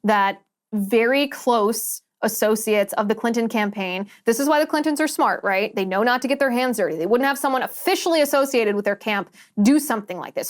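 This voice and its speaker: A woman host speaks in a fairly high voice. She delivers an opinionated monologue with emphatic, pointed phrasing and repeats words for effect. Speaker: political commentary host.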